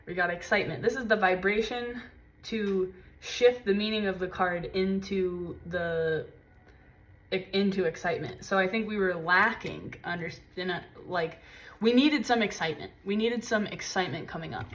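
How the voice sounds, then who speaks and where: Woman, tarot reader, intense, swears a lot, spiritual pep talk, swings from murmurs to high exclaims. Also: normal speed. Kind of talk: casual spoken tarot reading.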